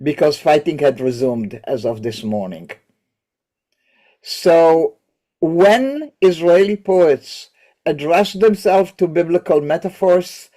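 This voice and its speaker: A woman's voice: sits low, dark tone. A woman teacher with a cold, lecturing on poetry in a thoughtful, digressive way that corrects itself as she goes. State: has a cold, coughing.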